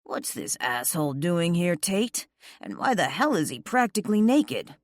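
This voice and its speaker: A woman's voice: on the low side, very animated, moderate pace, dry recording, studio quality. A woman reading an arrogant young rock star man who growls and talks cocky, in an audiobook. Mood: defiant.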